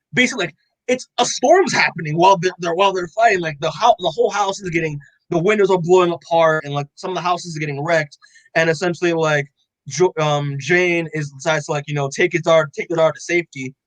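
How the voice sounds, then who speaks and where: A young man co-hosting a podcast, excitedly recapping a comic in loose casual chat, full of "like" and swearing, acting out the characters' lines. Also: fairly high pitch, no room sound, rough recording. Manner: excited, loose, heavy on "like" and swearing, acts out quotes. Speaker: podcast co-host.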